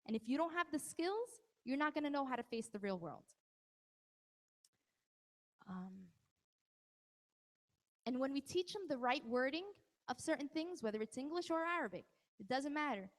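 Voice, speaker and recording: In a large hall, a woman with a high voice delivers a parenting talk live, her voice ringing with lengthy reverb. Animated and at normal speed, with long pauses, she chats casually and teases attendees by name.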